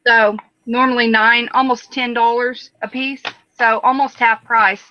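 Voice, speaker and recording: A woman's voice: on the high side, level tone, unhurried, dry recording, highs cut off. A woman hosting a casual online panel who chats and reads viewer comments aloud. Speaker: panel host.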